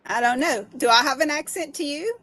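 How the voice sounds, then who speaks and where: A woman from Louisiana with a Southern accent, speaking softly in brief replies during a casual chat. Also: high voice, fairly quick. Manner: soft-spoken, brief replies, laughs. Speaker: chat guest.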